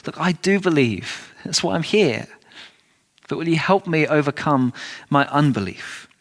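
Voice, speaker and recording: A man's voice: medium pitch, normal speed, fairly bright tone, long reverb tail, natural voice. A man acting out a desperate pleading father. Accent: English. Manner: pleading, earnest.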